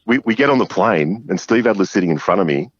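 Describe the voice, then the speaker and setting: A man, a musician guest, telling animated stories with frequent laughs and impressions of people. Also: low voice, fast, no echo, dull audio. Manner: animated anecdotes, laughs often, mimics people. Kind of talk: casual storytelling chat.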